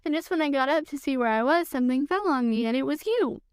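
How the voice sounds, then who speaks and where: A woman voicing a small, timid male piglet with a high, squeaky voice and a nervous, trembling manner. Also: expressive, quick pace, dry recording, clean studio sound.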